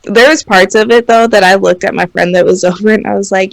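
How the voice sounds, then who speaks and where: A woman's voice: medium pitch, fairly even intonation, a little fast, vocal fry, no echo, low-quality recording. A young woman from Washington and Oregon co-hosting a casual podcast, laid-back and giggly, swearing casually as she chats. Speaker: co-host.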